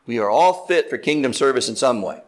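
Male pastor, earnest sermon delivery, slows down for emphasis, mid-pitched voice. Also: expressive. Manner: earnest, deliberate preaching with slow emphatic stretches; explains words step by step, asks listeners "right?".

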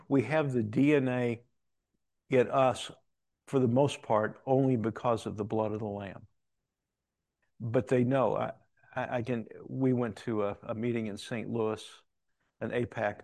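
A man's voice: medium pitch, fairly even intonation, normal speed, vocal fry, darkish tone, no echo. A man telling a personal story in a conversational, rambling way, with restarts and quoted dialogue. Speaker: Christian speaker telling a story.

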